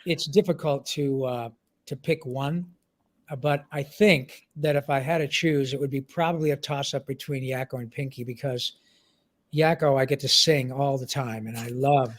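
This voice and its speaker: A man's voice: medium pitch, normal speed. A man in his sixties, a voice actor answering interview questions and slipping into character voices now and then. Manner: animated, slips into character voices. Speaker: voice actor guest. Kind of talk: interview over video call.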